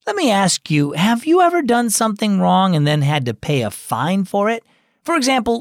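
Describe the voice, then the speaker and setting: A man's voice: on the high side, no echo, clean studio sound. A man hosting a children's devotional program, reading a script in a friendly, earnest storytelling way. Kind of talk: scripted narration.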